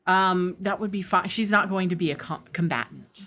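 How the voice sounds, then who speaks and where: A woman's voice: fairly low pitch, normal speed, pushed and bright. A woman narrating as game master of a horror tabletop game, describing scenes with frequent fillers.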